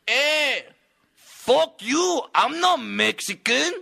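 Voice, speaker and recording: A man voicing an angry male heckler with an exaggerated Spanish accent, shouting indignantly. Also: extremely high pitch, lively intonation, drawn-out words, vocal fry, voice pushed up, exaggerated voice. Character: loud angry heckler man, hot-tempered.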